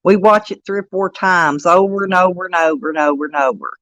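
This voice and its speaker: A woman's voice: on the low side, fairly quick, a bit bright, no room sound, low-quality recording. An older woman, a grandmother, chatting casually on a vlog and cooing sing-song baby talk to her grandchild, laughing often. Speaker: vlogger and grandmother. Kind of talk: casual live-stream chat.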